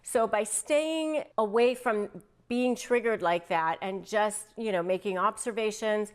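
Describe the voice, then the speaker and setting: A woman's voice: medium pitch, measured pace. A woman hosting an advice video, speaking straight to the viewer and acting out sample replies in quotes. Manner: animated, acts out sample lines in quotes. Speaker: family law attorney and video host. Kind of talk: direct-to-camera advice talk.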